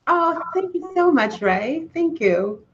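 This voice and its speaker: A woman's voice: sits high, very animated, slow pace, a bit bright. A woman guest with a Caribbean island accent carrying a British influence, answering thoughtfully and graciously in a casual chat. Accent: Caribbean island English with British influence. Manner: gracious, thoughtful, hesitant starts. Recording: dull lo-fi audio.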